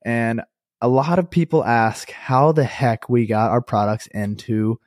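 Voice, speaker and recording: A young adult man hosting a podcast, telling a story in a chatty, animated way with lots of fillers and self-corrections. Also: mid-range voice, unhurried, dry recording, clean studio sound. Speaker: podcast host and company co-founder. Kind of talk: casual storytelling monologue.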